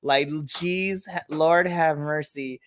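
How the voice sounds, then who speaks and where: A man's voice: a little high, steady tone, slow pace, fairly bright tone, smooth. A man co-hosting a wrestling podcast, chatting casually and gushing enthusiastically as he recaps.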